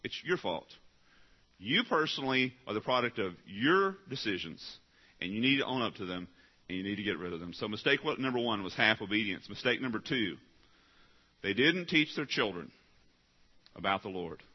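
A male pastor delivering a sermon from the pulpit. He climbs to loud, high, pleading peaks and then drops to low, hushed asides. The recording sounds dull and lo-fi. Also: sing-song, moderate pace, husky. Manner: emphatic preaching, swings from loud rising pleas to low quiet asides.

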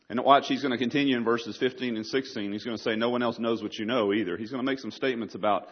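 A man's voice: mid-range voice, quick pace, hardly any pauses, slightly rough, dull audio. A male pastor preaching a sermon, raising his voice on the scripture quotes.

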